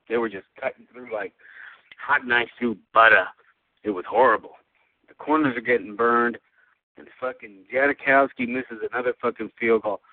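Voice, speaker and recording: A man's voice: medium pitch, dry recording. A man leaving a heated, profane voicemail as a fan caller, ranting about his team's loss. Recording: tinny phone line.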